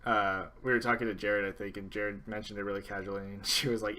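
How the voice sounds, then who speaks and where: A young man with a lowish, bright, forward voice hosts a laid-back gaming podcast. He rambles and restarts his sentences, filling pauses with ums, and he has the hiccups throughout. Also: fairly even intonation. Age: young adult. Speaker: podcast host. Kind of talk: casual gaming podcast chat.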